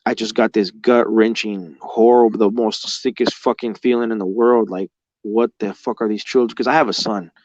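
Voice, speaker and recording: Man, lowish voice, profane rambling storyteller, dry close sound, slightly dull lo-fi audio. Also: fairly even intonation, normal speed, a little mellow, no room sound. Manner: heavy swearing, rambling, emotional, with lots of fillers like "like". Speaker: guest recounting experiences. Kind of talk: casual spoken storytelling.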